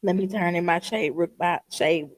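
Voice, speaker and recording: A woman co-hosting a podcast in casual chat, expressive and quick to voice disgust. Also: on the low side. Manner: expressive, disgusted exclamations, reads news items. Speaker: podcast co-host.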